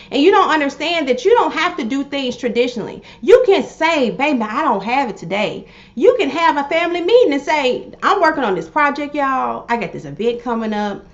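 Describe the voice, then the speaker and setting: A woman coaching viewers on a livestream, speaking in an animated, repetitive way as she calls on them directly. Her voice sits fairly high. The livestream audio sounds slightly dull and lo-fi. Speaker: livestream host and life coach. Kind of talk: casual livestream talk to viewers. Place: home room she calls her pink cave. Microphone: livestream setup.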